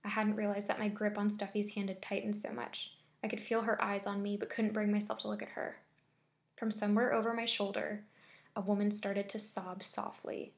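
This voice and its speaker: A woman reading a scary story aloud with steady, measured storytelling. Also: mid-range voice. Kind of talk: scripted horror story narration.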